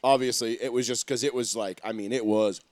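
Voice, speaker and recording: Joking, swearing sports radio host. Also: male voice, medium pitch, fairly even intonation, brisk, darkish tone, dry recording. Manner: loose, joking, swears freely. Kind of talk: casual sports radio chat.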